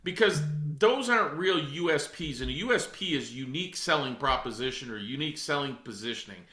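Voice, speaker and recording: A man's voice: a little high, animated, a little fast, pushed and bright, roomy sound. A middle-aged man coaching real estate agents in a direct, emphatic way, calling his listeners folks. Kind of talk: coaching talk.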